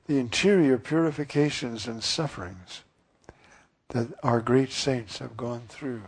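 Male priest preaching slowly; gravelly, husky tone, earnest and musing. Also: mid-range voice. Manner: earnest, musing, with frequent fillers. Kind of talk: sermon.

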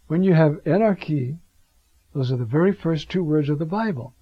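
A man gives a Bible teaching in a slow, unhurried way, full of rhetorical asides. His voice is husky and sits a little high, and the recording is dull and lo-fi. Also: no echo. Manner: reflective, rhetorical asides, drawn-out Greek phrases. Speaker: preacher teaching scripture. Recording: dull lo-fi sound.

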